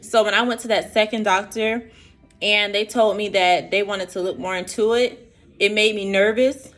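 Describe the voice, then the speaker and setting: A woman's voice: mid-range voice, steady tone, moderate pace, fairly bright tone, faint music behind. A young woman tells viewers her personal story in an earnest, emotional vlog, speaking to them directly. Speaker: vlogger sharing her diagnosis.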